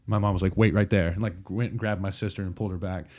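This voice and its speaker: A man's voice: deep voice, fast talker. A man in his thirties, a podcast guest, telling a personal story in casual chat, acting out quotes with frequent restarts. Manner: animated, acts out quotes with restarts.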